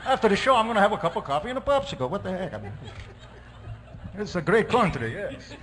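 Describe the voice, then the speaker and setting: Amid background noise, a man with a high voice and big pitch swings talks fast as a jovial, joking middle-aged Italian priest. He uses a put-on Italian accent and broken English to deliver jokes in a stand-up character sketch.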